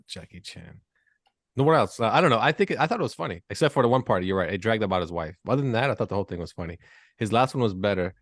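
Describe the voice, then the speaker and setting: A man hosting a casual podcast with a low voice, keeping it loose and joking. The sound is dry and close. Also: expressive, fast talker, no room sound. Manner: loose, joking, laughs easily. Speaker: podcast host. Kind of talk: casual chat.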